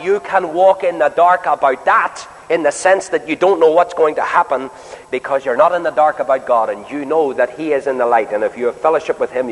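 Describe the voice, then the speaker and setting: A man preaching a sermon emphatically, often asking his listeners rhetorical questions. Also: a little high. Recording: long hall reverb.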